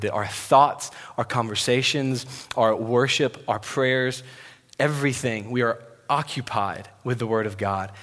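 A man's voice: mid-range voice, a little slow, a bit bright. A man preaching a sermon, conversational and emphatic as he retells scripture. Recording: long reverb of a large hall.

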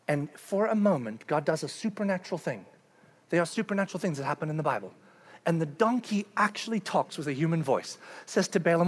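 A man preaching a sermon, telling a scripture story in a conversational, animated way and asking the listeners questions. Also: high voice, a little fast. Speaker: pastor.

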